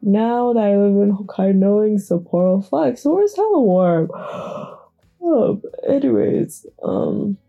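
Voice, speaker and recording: A woman's voice: mid-range voice, lively intonation, measured pace, gravelly, muffled recording. A young woman rambling casually on an early morning, chatty and giggly, a little groggy, swearing freely. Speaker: podcast host. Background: faint background music.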